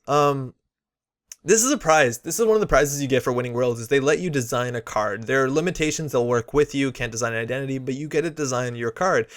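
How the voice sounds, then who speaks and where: A man's voice: medium pitch, fairly bright tone. A man giving casual, opinionated commentary while unboxing and reviewing game cards, with frequent fillers. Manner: chatty, opinionated, many fillers.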